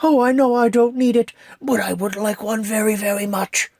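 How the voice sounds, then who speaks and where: A man voicing a gentle, simple-minded stuffed bear in a soft, high voice. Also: fairly even intonation, normal speed, no room sound, clean studio sound.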